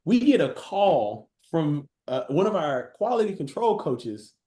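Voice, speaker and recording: Animated man telling a story, echoey room. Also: on the high side, unhurried. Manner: animated, acts out quotes, laughs often. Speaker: guest, college football player developer. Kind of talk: casual storytelling on a podcast.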